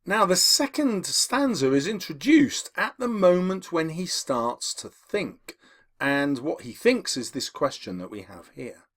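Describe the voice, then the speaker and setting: Lively man explaining a poem. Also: mid-range voice. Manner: lively, emphatic, slows down to read quotations. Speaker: English teacher. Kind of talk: explaining poetry analysis to students.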